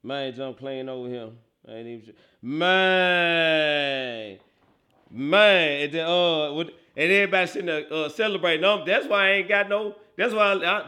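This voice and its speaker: Excitable male streamer, slangy football banter, bright tense tone, a bit high-pitched. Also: smooth. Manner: excitable, laughs often, bursts into loud outbursts, talks to chat. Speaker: livestream host. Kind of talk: casual livestream chat reacting to football highlights.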